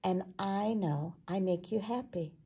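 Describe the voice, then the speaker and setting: A woman voicing a kind, soft-spoken male moon in a picture book read-aloud. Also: medium pitch, measured pace, slightly rough. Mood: gentle.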